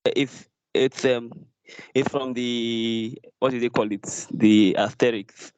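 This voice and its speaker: A man's voice: mid-range voice, fairly even intonation, slow, darkish tone, clear, resonant tone, low-quality recording. A man speaking as a student in an online class, hesitant and searching for words. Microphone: video call.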